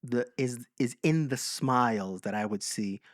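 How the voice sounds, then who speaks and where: A man co-hosting a podcast, telling stories in a casual chat and slowing down for emphasis. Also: mid-range voice, no echo, studio quality. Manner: animated storyteller, slows for emphasis. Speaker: podcast co-host.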